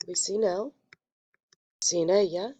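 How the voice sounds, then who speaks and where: A woman teaching a Spanish lesson, explaining step by step in a patient way and quickly correcting her own slips. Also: medium pitch, mellow, slightly rough. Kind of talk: recorded classroom lesson.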